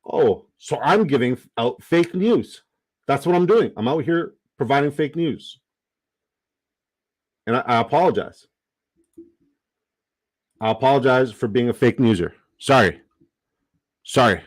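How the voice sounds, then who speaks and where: A young man hosting a livestream in casual chat, profane, excitable and given to rambling asides. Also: medium pitch, unhurried, long pauses, no room sound. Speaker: livestream host.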